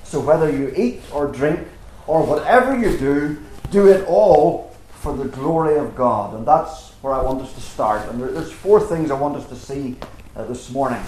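A man's voice: medium pitch, animated, moderate pace, darkish tone, echoey room, slight background noise, low-quality recording. A man preaching a sermon in a church, earnest and emphatic, asking rhetorical questions.

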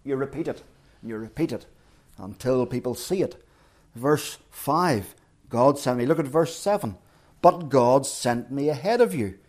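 A man's voice: medium pitch, expressive, measured pace. A middle-aged man preaching a sermon, retelling a story dramatically and acting out the quotes.

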